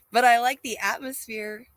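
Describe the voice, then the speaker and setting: A woman's voice: fairly high pitch, no room sound. Giggly woman co-host, dry close sound. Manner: giggly, agreeable, backchannels often. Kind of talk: casual chat.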